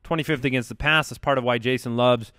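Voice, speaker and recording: A man's voice: medium pitch, steady tone, quick pace, bright, forceful tone, clear, resonant tone, no echo, studio quality. A man hosting a casual sports podcast, upbeat and steering the talk from topic to topic. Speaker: podcast host.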